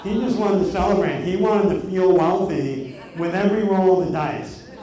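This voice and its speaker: A man in his thirties telling a story to a live audience, animated and energetic, drawing the crowd in. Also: sits high, moderate pace. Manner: animated, energetic storyteller who gets the audience shouting along. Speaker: motivational speaker. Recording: echoey room with faint noise.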